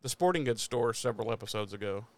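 A podcast host casually recaps a TV episode in a lowish voice with lively intonation and a quick pace. He rambles, swears freely and laughs often throughout the profane recap chat.

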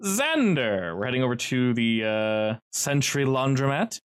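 A man running a tabletop game, describing scenes in loose, descriptive narration. His pitch sits in the middle. He often restarts his sentences. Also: sing-song, measured pace, smooth. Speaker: game master.

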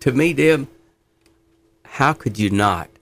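A man's voice: mid-range voice, lively intonation, takes it slowly, gravelly. A middle-aged man sharing his faith testimony in conversation, fervent and earnest, telling stories with laughs.

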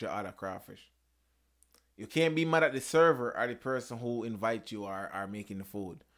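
A young man holds forth on relationships in loose, casual talk, swinging between heated emphasis and quieter stretches. His voice sits at an ordinary middle pitch, and he keeps restarting sentences and hunting for the right word. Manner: animated, emphatic, swears and repeats himself; searches for words, frequent restarts. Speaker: podcast host.

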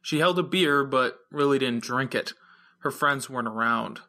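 A male narrator reading an audiobook chapter, carrying the story at a steady, even pace. His voice sits at a middle pitch and has a bright, clear-cut tone that stays forward throughout. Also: normal speed. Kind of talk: scripted narration.

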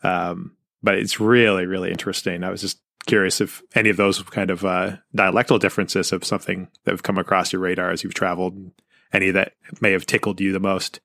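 Very deep-voiced affable podcast host. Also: male voice, level tone, fairly quick, gravelly, a bit bright, no echo, clean studio sound. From Pacific Northwest of the US. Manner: easygoing and affable, stammers on openings. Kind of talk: casual interview chat.

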